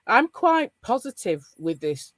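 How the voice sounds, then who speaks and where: Northern english woman, middle-aged, hosting a chat on a video call, animated, dry close sound. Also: fairly high pitch, measured pace, no echo. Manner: animated, laughing, encouraging. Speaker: podcast host. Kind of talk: casual roundtable chat.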